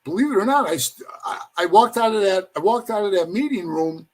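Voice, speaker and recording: Husky, higher-voiced man spinning a rambling story. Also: expressive, a little fast. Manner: rambling, says "bro" often, acts out quoted voices. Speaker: former motorcycle club member telling his story. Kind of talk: casual storytelling interview.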